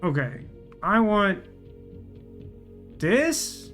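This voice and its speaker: A man's voice: high-pitched, very animated, drawn-out words, a bit bright, soft background music. A man giving let's play commentary, thinking aloud as he works through puzzles, with wry, sarcastic asides. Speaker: gaming channel host.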